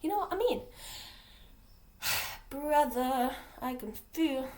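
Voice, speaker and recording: Teen girl vlogger from England, highish voice, scattered casual rambling. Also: lively intonation, slow pace, a little mellow. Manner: chatty, scattered, lots of fillers and restarts. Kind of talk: rambling casual vlog chat.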